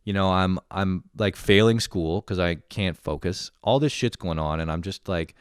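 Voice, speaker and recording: A man's voice: low-pitched, moderate pace, clear, resonant tone, no echo, clean studio sound. A young man ranting casually to camera, profane and rambling, often laughing at himself. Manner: profane, rambling, self-deprecating. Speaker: vlogger. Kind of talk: casual rant.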